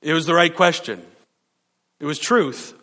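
Bright-voiced pastor preaching in a hall. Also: male voice, fairly high pitch, measured pace. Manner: animated storyteller, laughs often, acts out quotes. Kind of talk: sermon storytelling.

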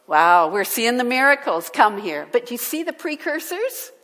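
Slow-speaking woman preacher in a reverberant hall. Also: a little high. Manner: animated, asks the audience questions. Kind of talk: sermon.

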